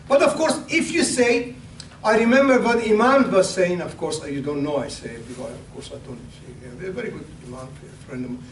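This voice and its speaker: Older man preaching in an echoey hall. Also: high-pitched. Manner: halting, repeats words and restarts, rises for emphasis. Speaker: imam. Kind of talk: pre-sermon talk. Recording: echoey hall, distant mic, faint hum.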